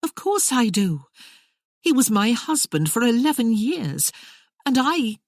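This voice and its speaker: Brief: woman voicing a poised, breezy society lady, brightly lilting delivery, dry close sound. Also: on the high side, very animated, unhurried, no echo, pitched above the performer's own voice, heavily acted. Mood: fond. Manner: light, airy and dismissive. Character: poised, flippant widowed young lady.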